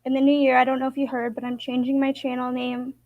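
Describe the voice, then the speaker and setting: High-voiced woman host, chatty. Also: monotone, fast, no room sound, narrow, tinny audio. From Idaho, United States. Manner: chatty, lots of "like". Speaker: channel host. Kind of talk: casual interview chat.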